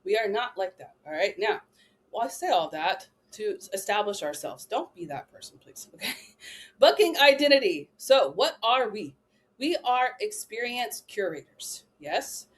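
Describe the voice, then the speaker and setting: A woman's voice: medium pitch, big pitch swings, normal speed. A young adult woman giving a chatty, emphatic training talk to travel agents, often checking in with "right?" and "okay?".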